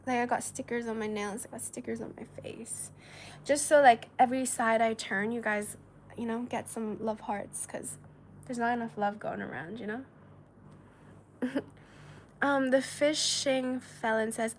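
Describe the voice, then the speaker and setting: A woman's voice: fairly high pitch, fairly even intonation, unhurried, slight background noise. A woman from China hosting a casual livestream, reading viewer messages aloud in a chatty, giggly way with lots of filler words. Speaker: livestream host.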